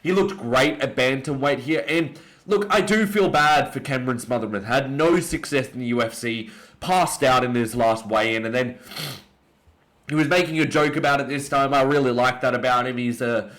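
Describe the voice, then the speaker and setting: Young Australian male, casual fight-breakdown commentator, excitable and blunt, medium pitch. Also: normal speed. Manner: opinionated, excitable, jumps up in pitch on emphasis. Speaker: MMA commentator.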